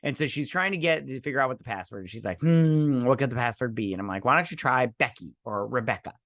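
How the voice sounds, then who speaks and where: A man's voice: mid-range voice, expressive, fast, bright, forceful tone, dry recording, studio quality. Rambling man recapping a show. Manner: rambling, with loose asides and mock character quotes. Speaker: host. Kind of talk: casual episode recap.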